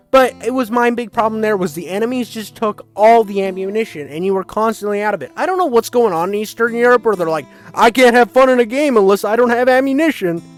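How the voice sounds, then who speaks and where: A young man with a nasal voice giving a crude, rambling, self-mocking video game review. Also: high voice. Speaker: gaming YouTuber.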